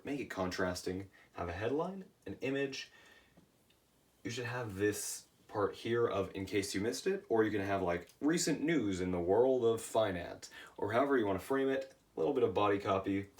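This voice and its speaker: Tired man, low voice, a bit off-mic. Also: far from the mic. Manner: casual, says "right?" often. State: tired, voice shot. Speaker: email marketing coach. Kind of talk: casual video lesson.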